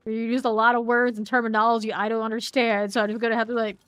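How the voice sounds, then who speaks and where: A woman's voice: on the high side, little pitch movement, fast, fairly bright tone, clear, resonant tone, dry recording, clean studio sound. A young woman streaming a game, chatting casually with viewers, answering chat and laughing easily while she plays.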